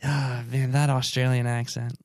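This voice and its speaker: A man in relaxed podcast banter at a middle pitch, laughing easily and letting sentences trail off. His voice sits close and dry, with no room around it. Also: normal speed, dry recording. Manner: laid-back, laughs often, trails off mid-sentence. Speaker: podcast co-host. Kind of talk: casual chat.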